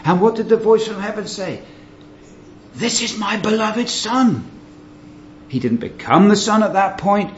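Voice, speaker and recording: A man with a high voice and lively intonation teaches scripture verse by verse, speaking a little slowly with long pauses. He earnestly poses rhetorical questions to his listeners and builds rising emphasis on key phrases. The recording sounds muffled and roomy, with slight background noise.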